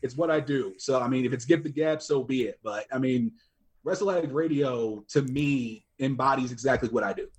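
A man's voice: medium pitch, fairly quick. A young man chatting casually as a podcast guest, joking and loose, with plenty of fillers. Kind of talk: casual chat.

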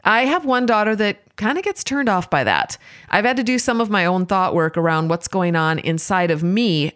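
Candid woman with a low-set voice. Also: smooth. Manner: candid, self-examining, earnest. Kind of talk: reflective faith-themed monologue.

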